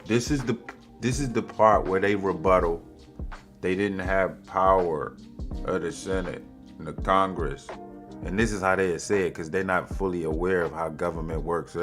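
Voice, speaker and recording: A man hosting a podcast, ranting heatedly and with lots of profanity, his voice jumping high in pitch to mock people. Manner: heated, profane, animated with big pitch swings. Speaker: podcast host. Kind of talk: opinionated political rant.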